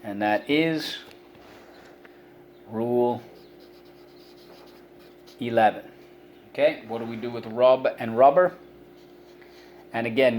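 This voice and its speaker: A middle-aged man walks children through a spelling and vocabulary lesson, piling up examples to explain each word. His voice sits at an ordinary middle pitch. A faint hiss of background noise runs under the recording. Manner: patient, explains words with many examples and restarts. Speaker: teacher.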